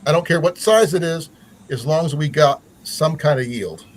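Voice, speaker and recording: A man's voice: fairly high pitch, moderate pace, rough recording. A man hosting a casual livestream chat, rambling with many fillers and restarts. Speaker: channel host.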